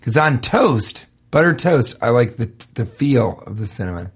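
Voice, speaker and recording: A man's voice: mid-range voice, big pitch swings, moderate pace, husky. A man co-hosting a comedic casual chat, reading listener questions aloud with mock seriousness. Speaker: co-host.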